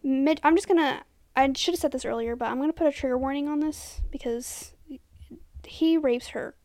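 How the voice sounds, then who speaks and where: A young woman with a high voice and a gravelly, fry-laden edge tells a true crime story in a loose, chatty way. She leans on "like" constantly and often sinks into a breathy half-whisper. The sound is close and dry, with no room around it. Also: normal speed, no echo. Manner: chatty, many "like" fillers, drops to soft half-whispers. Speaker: podcast host.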